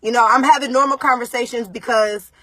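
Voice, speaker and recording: Upset mom talking on a live vid, kinda high voice, dry close phone sound, lots of ums. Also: female voice, fairly even intonation, fairly bright tone, no room sound. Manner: shaken, pausing often with ums. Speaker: mother giving a livestream update. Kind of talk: casual live video talk to viewers.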